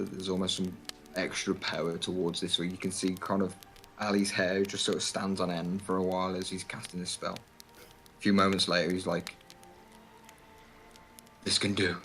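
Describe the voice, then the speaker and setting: Male game master, very deep voice, rambling and descriptive narration. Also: a bit bright, rough recording. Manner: loose, descriptive, many fillers.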